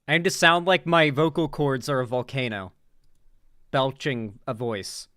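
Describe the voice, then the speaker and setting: Woman, streamer host, casual livestream commentary, profane, rambling jokes, smooth clear voice. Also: rumbling low, lively intonation, a little slow, fairly bright tone, no room sound, studio quality.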